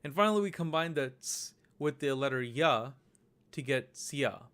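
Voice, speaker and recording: A man narrating a recorded lesson over slides, explaining each step slowly and patiently. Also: mid-range voice, lively intonation, fairly bright tone. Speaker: language teacher.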